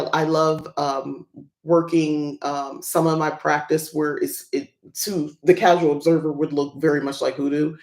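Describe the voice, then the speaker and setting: Rambly chatty stream host, kinda gravelly voice, lots of ums, echoey room. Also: mid-range voice. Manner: rambling and chatty, with frequent fillers and little laughs. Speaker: livestream podcast host. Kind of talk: casual livestream talk on witchcraft practice. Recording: roomy echo.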